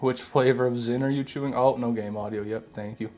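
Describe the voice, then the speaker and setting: A man's voice: mid-range voice, steady tone, brisk, darkish tone, soft background music. A man streaming a game live, chatting casually with viewers and answering their comments, sometimes with sarcastic jabs.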